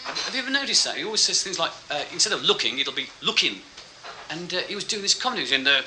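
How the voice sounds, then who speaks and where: A man's voice: fairly high pitch, very animated, fast, very noisy. A man telling a rambling, self-mocking stand-up story with laughing asides. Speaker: stand-up comedian.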